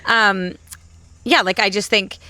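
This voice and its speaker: A woman's voice: medium pitch, fairly even intonation, slow pace, sharp tone, no room sound. A middle-aged woman co-hosting a podcast, talking candidly and casually with plenty of fillers. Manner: candid, conversational, many fillers. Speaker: podcast co-host. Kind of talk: casual chat.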